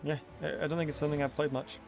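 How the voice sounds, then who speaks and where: A man's voice: on the high side, flat delivery, rapid-fire, gravelly, over music. Chatty young man streaming games. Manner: chatty, upbeat banter with chat. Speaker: game streamer. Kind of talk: casual live-stream commentary.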